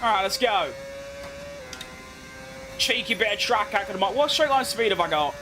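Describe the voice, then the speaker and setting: A man's voice: high voice, expressive, moderate pace, noisy background. A young British man chatting casually to himself and his viewers while playing a racing game, slangy and self-mocking. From Britain. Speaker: game streamer. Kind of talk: casual gameplay commentary.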